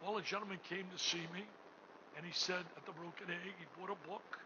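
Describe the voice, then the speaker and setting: An older man with a high voice gives an emotional fundraising speech at a gala. He swings between booming, near-shouted lines and hushed ones. The recording is muffled, with steady room noise behind him. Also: a little fast. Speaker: gala host. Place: hotel ballroom.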